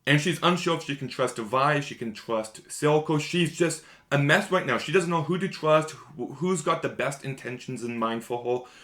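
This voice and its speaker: A man's voice: fairly high pitch, moderate pace, hardly any pauses, fairly bright tone. A man giving a casual, rambling spoiler review of a show, enthusiastic and repeating himself often.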